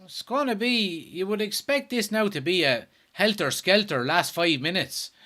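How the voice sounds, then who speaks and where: A young man hosting a live football watchalong, reacting excitably, swearing often and reading out viewer comments. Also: high voice, normal speed. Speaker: watchalong host.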